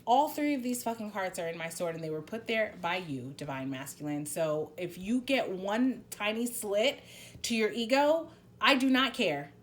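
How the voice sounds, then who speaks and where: A woman's voice: mid-range voice, animated, normal speed. Woman giving a blunt, profane tarot reading. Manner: blunt, swears freely, rambling with many restarts. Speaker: tarot reader. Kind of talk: casual spoken tarot reading.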